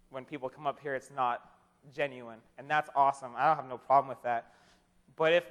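A young man with a notably high voice gives a relaxed, joking sermon. He talks conversationally and often trips back over his words. His voice rings with the long echo of a large hall. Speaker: preacher. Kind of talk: casual humorous sermon. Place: chapel or hall with an audience.

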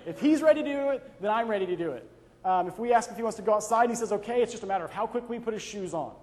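Racing along in a high voice with lively intonation, a young man gives a chatty devotional talk packed with personal anecdotes. He drops in "right?" again and again, and his words ring out with the long reverb of a large hall.

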